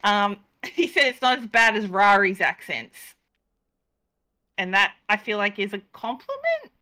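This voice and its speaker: A woman's voice: medium pitch, big pitch swings, measured pace, sharp tone. A woman chatting casually on a gaming podcast, giggly and hesitant, with many fillers. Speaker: roleplay player, podcast guest.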